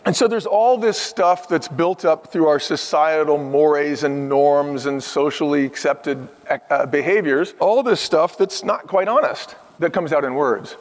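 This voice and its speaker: A man's voice: fairly high pitch, unhurried, few pauses. A man in his fifties, a guest on a podcast, telling stories earnestly and with emphasis in a conversational interview. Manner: earnest, emphatic storytelling that acts out the people he quotes. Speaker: podcast guest, former restaurant chief executive. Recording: long hall reverb.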